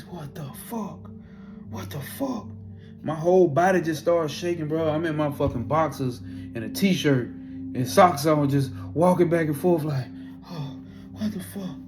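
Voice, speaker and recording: A man casually telling a spiritual experience story in a profane, animated way. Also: a little high.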